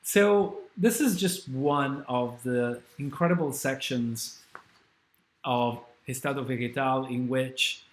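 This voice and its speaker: A man's voice: mid-range voice, slow pace. A man giving an academic talk, enthusiastic and hesitating with fillers. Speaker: scholar and speaker.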